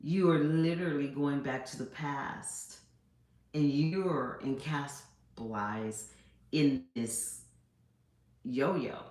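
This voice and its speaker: A middle-aged woman hosting her own spiritual channel, speaking in a slow, reflective, meditative monologue full of pauses. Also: deep voice, echoey room.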